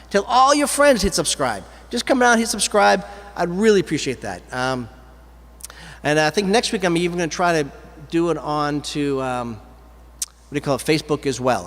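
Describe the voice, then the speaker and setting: A man hosting his own live music show, chatting casually between songs in a rambling, easygoing way with quick asides. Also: high-pitched, a bit bright, long reverb tail.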